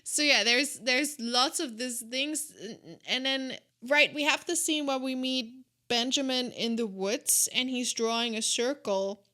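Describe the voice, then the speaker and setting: A woman's voice: high-pitched, unhurried, hardly any pauses, sharp tone. A woman co-hosting a podcast, chatting casually and rambling through a long game recap. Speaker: podcast co-host. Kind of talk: casual chat about a video game.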